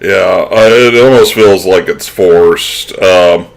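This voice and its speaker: A man's voice: deep voice, slow pace, creaky. A man co-hosting a podcast, chatting casually and agreeably with hesitant fillers. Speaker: podcast co-host. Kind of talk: casual movie chat.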